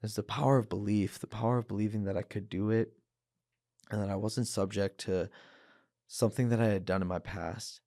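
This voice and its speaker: A man's voice: lowish voice, fairly even intonation, fairly quick, mellow, no echo, studio quality. A man, a professional fighter, speaks earnestly as a podcast guest and often repeats and restarts his words. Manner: earnest, repeats words, acts out voices when quoting people. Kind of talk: candid interview talk.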